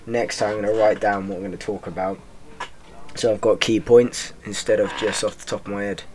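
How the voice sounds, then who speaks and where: A young man hosting a podcast, rambling in a deadpan, self-mocking way and swearing freely. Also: on the low side, fairly quick. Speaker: podcast host. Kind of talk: rambling comic monologue.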